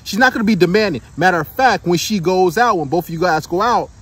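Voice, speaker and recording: A man's voice: high voice, expressive, fast, a bit bright, slightly rough. A man giving a preachy monologue of dating advice to the camera, emphatic and repetitive, checking in with his listeners as he goes. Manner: emphatic, repeats points and checks in with "right?" and "okay?".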